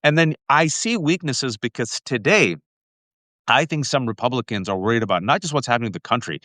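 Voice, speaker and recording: Impassioned male political show host, mid-pitched, dry close mic. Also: animated, bright, forceful tone, no echo. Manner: impassioned, fast bursts, addresses viewers as folks. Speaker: podcast host.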